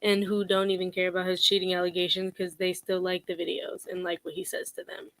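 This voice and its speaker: A woman's voice: on the low side, level tone, fairly quick, fairly bright tone. A young woman vlogging casual commentary, sassy and blunt, laughing often as she mocks.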